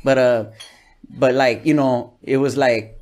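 A man's voice: medium pitch, steady tone, a little slow, darkish tone. Slangy, profane man. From California. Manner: slangy, profane, laid-back storytelling. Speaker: comedian guest. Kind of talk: casual interview chat.

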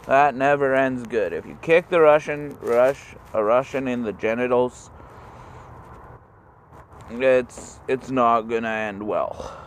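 A man telling history as a crude, rambling comedy rant, halting with fillers and jumping into squeaky mocking voices. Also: slight background noise. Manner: jumps into squeaky high mocking voices for countries.

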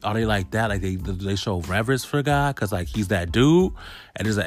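Low-voiced man riffing slangy jokes. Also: moderate pace, soft background music. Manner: loose, rambling slangy riffing. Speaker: comedian. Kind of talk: comedic monologue vlog.

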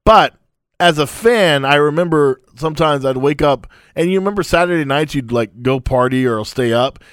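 A man's voice: a little high, lively intonation, normal speed, a bit bright, dry recording, clean studio sound. A young man hosting a sports podcast, teasing his co-host and stretching out his lead-ins. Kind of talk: casual sports talk.

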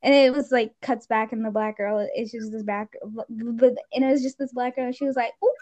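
A teenage girl in casual chat, animated, with quick asides and expressive exclamations. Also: fairly high pitch. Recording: dull lo-fi sound.

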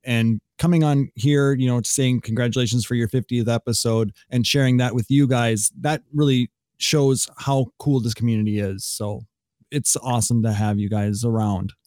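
A man who hosts a show, chatting earnestly and speaking warmly about the community. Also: mid-range voice, fairly even intonation, moderate pace, dry recording, studio quality. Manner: earnest, warm praise for the community. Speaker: guest podcast host. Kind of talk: casual chat.

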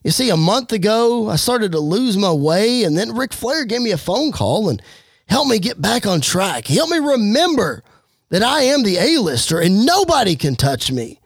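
A man's voice: sits high, very animated, moderate pace, husky, dry recording, studio quality, full character voice. A man voicing a boastful, arrogant wrestler in a game story, with a smug cocky delivery.

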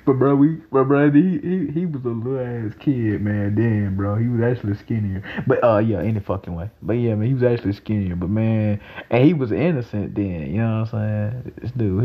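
A young man talking in a casual, rambling monologue, excitable and profane, breaking into loud laughs. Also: fairly low pitch, highs cut off. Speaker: vlogger.

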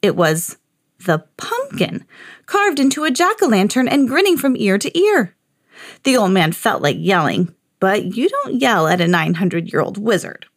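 A woman reading a children's picture book aloud on her podcast in an expressive, sing-song storytelling way. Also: mid-range voice, normal speed, dry recording, clean studio sound.

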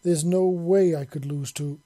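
A gravelly, growling alien huntress with mandibles, proud and sulky, as a man puts her on. The voice is raised and loud, husky and dark in tone, with a dry close sound. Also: a little high, steady tone, a little slow, no echo, pitched above the performer's own voice.

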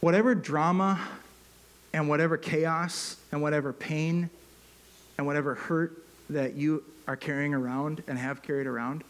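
Earnest man preaching, fairly high voice. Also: steady tone, normal speed. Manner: earnest, building to emphatic peaks with fillers. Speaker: pastor. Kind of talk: sermon.

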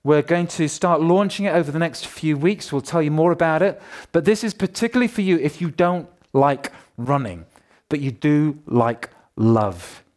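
Pastor, male, slightly high voice, chatty and playful delivery to a congregation. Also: normal speed. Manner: lively, jokey and conversational, talks to the congregation. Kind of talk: sermon with church notices.

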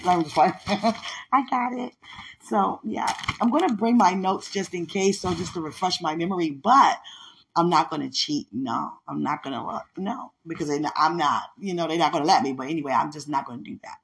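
Gravelly low-voiced woman in her late thirties. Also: normal speed. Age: late 30s. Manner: affectionate, prayerful, often laughing. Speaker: podcaster. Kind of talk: casual spoken monologue with prayer.

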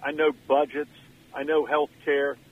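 A man's voice: on the high side, flat delivery, unhurried, narrow, tinny audio. Folksy man phoning in. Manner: folksy, emotional storyteller. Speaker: guest, former governor. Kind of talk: phone-in radio interview. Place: in his car.

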